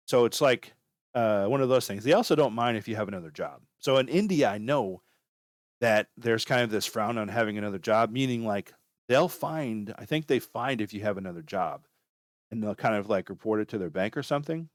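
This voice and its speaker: A man's voice: on the low side, brisk, no echo, clean studio sound. A man talking casually as he gives career advice, rambling and full of fillers. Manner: rambling, filler-heavy, chatty. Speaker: channel host giving career advice.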